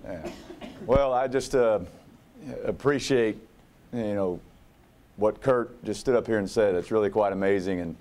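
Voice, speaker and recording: Low-voiced man with an Oklahoma drawl. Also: a little mellow. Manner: humble, halting, many "uh"s and repeats. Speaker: new basketball coach. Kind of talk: press conference speech.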